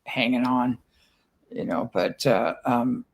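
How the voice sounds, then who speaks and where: A man from the United States talks casually as a guest, in a voice of ordinary middle pitch. He wanders through anecdotes, restarting phrases and slipping into the voices of people he quotes. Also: slow. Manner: rambling, repeats words and acts out quotes. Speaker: guest, ranch founder. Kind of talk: casual chat, anecdotal storytelling.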